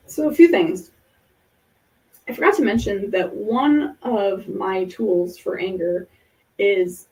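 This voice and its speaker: A woman's voice: mid-range voice, a little mellow, recorded from a distance, rough recording. A woman hosting a casual podcast, talking through ideas in an earnest, explanatory way with examples. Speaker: podcast host.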